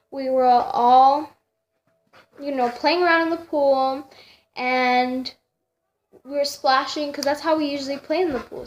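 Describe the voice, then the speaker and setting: A young woman with a high, light voice tells a story straight to her camera at home. She rambles and circles back, full of fillers and self-corrections. The feel is loose and chatty. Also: highs cut off, a little hiss or hum. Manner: rambling, many fillers and restarts. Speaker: vlogger. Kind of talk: casual storytelling.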